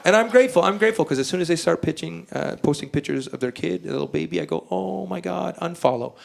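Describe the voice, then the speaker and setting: A man's voice: on the high side, expressive, very fast, gravelly, heavy background noise. A man doing brash, crude stand-up comedy and improvised songs with the crowd at a live venue.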